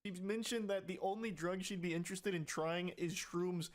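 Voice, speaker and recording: Male commentator, notably high voice, sarcastic and incredulous delivery. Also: steady tone, normal speed. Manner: dry, incredulous, mocking. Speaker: online commentator.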